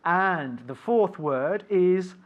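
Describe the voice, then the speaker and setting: A man teaching an English lesson on the radio, saying words slowly and clearly and having his student repeat them. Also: high-pitched, expressive, highs cut off. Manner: slow, clear teacher drilling words for repetition.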